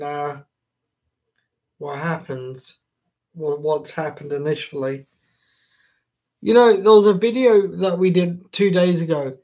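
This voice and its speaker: A male live streamer talking loosely to his viewers. He jokes around and swears casually. His voice sits a touch high, and he takes his time. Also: darkish tone. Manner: chatty and jokey, swears casually.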